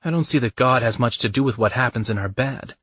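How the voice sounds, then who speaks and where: A man's voice: medium pitch, fast talker, fairly bright tone, husky, no room sound. A man voicing a frightened, stubborn young woman in a romance audiobook, in a raised, tense and pleading voice. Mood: fearful.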